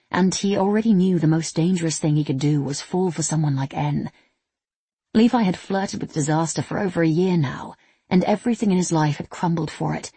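A woman narrating an audiobook in an even, steady reading voice. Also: low-pitched, creaky, slightly rough, no echo.

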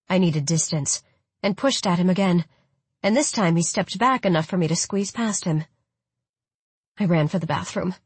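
A woman narrating a first-person story as an audiobook, with steady storytelling. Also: fairly low pitch, husky, dry recording. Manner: steady storytelling with quoted replies.

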